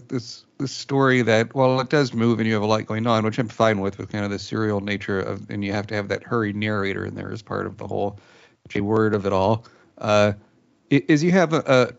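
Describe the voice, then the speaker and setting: A man's voice: lowish voice, gravelly, lo-fi sound. A man chatting casually as a podcast co-host, critical and hesitant, with many fillers. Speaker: podcast co-host, film reviewer. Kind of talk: casual chat.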